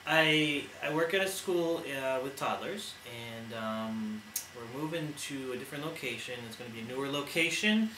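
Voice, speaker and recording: A man's voice: medium pitch, lively intonation, normal speed, hardly any pauses. A young man co-hosting a casual sports chat, rambling and laughing as he ad-libs jokes. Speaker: co-host. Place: indoor room. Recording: echoey room with noise.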